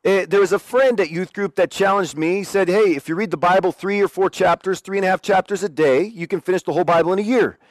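Young man, personal testimony, animated and self-mocking, higher pitch, dry recording. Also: fast, hardly any pauses, dry recording. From Oregon, USA. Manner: lively, self-deprecating, acts out quotes. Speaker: speaker sharing his faith testimony.

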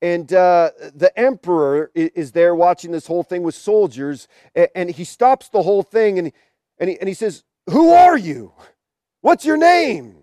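A man preaching a sermon, telling a story in a halting way full of restarts. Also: high-pitched, warm tone, clean tone, no echo, clean studio sound.

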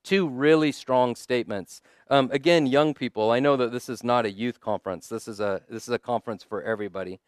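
Smooth-voiced male preacher, dry sound. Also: mid-range voice, no room sound. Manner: conversational preaching with frequent "like" and "right?"; emphatic, slowing down on key lines. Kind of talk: sermon.

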